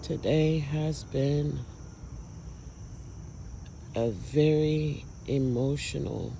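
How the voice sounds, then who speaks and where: A man filming outdoors at night, talking to viewers in an emotional, awed, exclaiming way with drawn-out words. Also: fairly high pitch, creaky, warm tone, a little hiss or hum, poor audio. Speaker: vlogger filming lights at night. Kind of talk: excited casual commentary to viewers.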